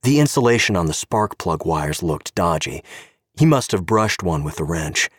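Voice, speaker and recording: A man reads a scripted audio drama with wry, expressive storytelling on a close studio microphone. His voice is low and husky, with lively swings in pitch, and the recording is dry and close. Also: moderate pace, no echo. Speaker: narrator.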